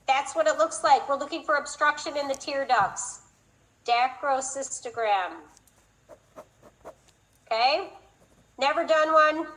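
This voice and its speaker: A woman with a high voice lectures a class. She moves quickly from explanation to playful teasing of her students. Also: fairly bright tone, low-quality recording. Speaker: instructor.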